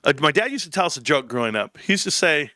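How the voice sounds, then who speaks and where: In studio-quality audio with no room sound, a middle-aged livestream host talks fast and casually. Telling stories animatedly, he jumps sharply in pitch to act out quotes, laughs frequently and keeps saying "bro."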